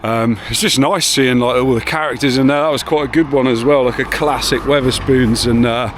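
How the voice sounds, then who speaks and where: Man, rambling casual vlog talk, mid-pitched voice, street noise behind. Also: steady tone, brisk. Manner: chatty, rambling, laid-back with swearing. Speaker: vlogger. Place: outdoors on town streets and in a car.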